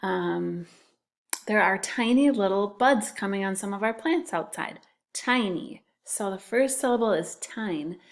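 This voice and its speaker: A woman teaching a phonics lesson to young children, patiently sounding out and spelling words. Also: medium pitch. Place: classroom.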